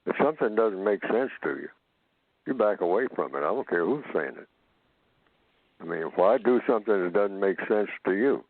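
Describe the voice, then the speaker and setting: On call-in radio, a guest with a very deep voice responds to callers in an animated yet slow, measured way, circling back to repeat phrases for emphasis. His voice sounds tinny, as if over a phone, and the audio is dry and close with no sense of a room.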